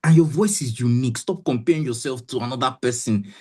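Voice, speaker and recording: A woman's voice: rumbling low, quick pace, mellow, breathy edge. A woman with a Nigerian accent coaching voice actors in a motivational webinar, emphatic and repetitive, often checking that listeners understand. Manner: emphatic, repeats herself, keeps asking "do you understand".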